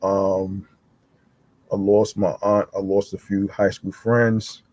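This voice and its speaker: A man hosting a solo podcast, choked up and halting, with many fillers and restarts as he talks. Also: sits low, flat delivery, darkish tone, no room sound, poor audio. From New York. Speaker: podcast host.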